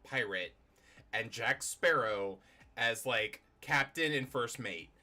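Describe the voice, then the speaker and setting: A man co-hosting a trivia stream, rambling animatedly with lots of fillers. His voice is bright and forceful at a middle pitch. Faint music plays underneath him. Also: expressive, takes it slowly. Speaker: trivia co-host. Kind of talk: casual chat.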